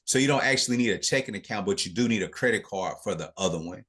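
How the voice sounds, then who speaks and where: A man with a lowish voice runs a live question session for an investing class over a video call. He talks in a relaxed, unhurried way and often restarts his sentences. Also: slightly rough. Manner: relaxed, hesitant with fillers and restarts. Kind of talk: live online Q&A.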